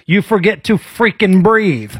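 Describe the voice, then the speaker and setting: A man's voice: sits high, lively intonation, measured pace, fairly bright tone, husky, no echo. A man co-hosting a radio talk show in a studio, joking around and laughing often. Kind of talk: casual morning radio banter.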